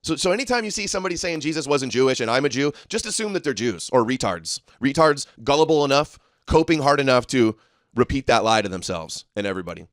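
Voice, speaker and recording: A man's voice: medium pitch, sing-song, fast talker, no echo, clean studio sound. A man hosting a livestream, ranting in a combative, sarcastic and mocking way as he reads through posts and answers viewers. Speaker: livestream host.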